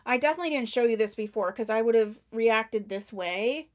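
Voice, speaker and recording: Upbeat high-pitched female live-sale host, chatty and gushing, speaks up loudly on mic. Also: fairly quick, few pauses. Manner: chatty, gushing over products, answering viewers by name; tends to talk loudly. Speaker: wig seller hosting a live sale. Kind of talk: live-stream sales chat. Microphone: microphone.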